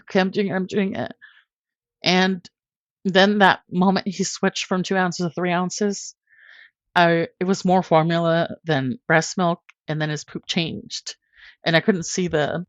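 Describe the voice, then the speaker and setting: Candid mother telling her story, low-voiced. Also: dry recording, highs cut off. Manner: emotional, candid, often laughing at herself. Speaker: podcast guest.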